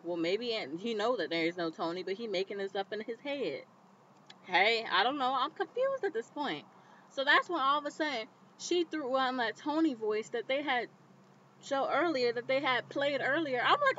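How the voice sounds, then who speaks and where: Animated indignant woman recapping a show. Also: on the high side, a little hiss or hum. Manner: animated, indignant, talks straight at the viewer. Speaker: vlogger reviewing a TV episode. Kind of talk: casual recap and commentary. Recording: slightly dull lo-fi recording.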